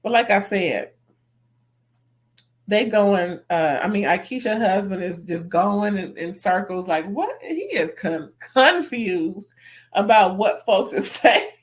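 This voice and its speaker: A woman's voice: medium pitch, expressive, takes it slowly. A woman chatting casually as she recaps a reality TV episode, gossipy and slangy, laughing often between remarks. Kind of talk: casual commentary.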